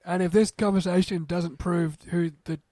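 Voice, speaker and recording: A blunt man swears freely and cracks jokes in a casual sports chat. His voice sits high for a man. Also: fairly even intonation, normal speed, mellow, dry recording. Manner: blunt, crude, wisecracking.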